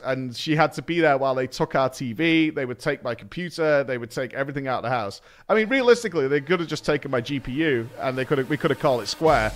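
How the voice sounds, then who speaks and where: High-voiced British man telling a story. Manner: animated, swears freely, laughs at his own story. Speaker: streamer. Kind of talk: casual storytelling to a live stream chat.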